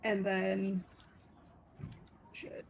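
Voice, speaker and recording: A woman player talks slowly in a playful, giggly way during a tabletop game. Her voice is gravelly and a little husky. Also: medium pitch, completely flat delivery, highs cut off. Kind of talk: casual tabletop role-play.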